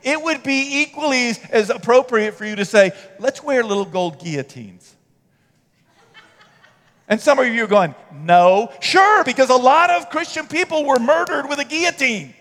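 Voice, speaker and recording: Brief: male pastor, high voice, conversational sermon with mocking asides, church hall reverb. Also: brisk, few pauses, bright, forceful tone. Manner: conversational preaching with mocking quoted voices and rising emphasis. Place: church sanctuary.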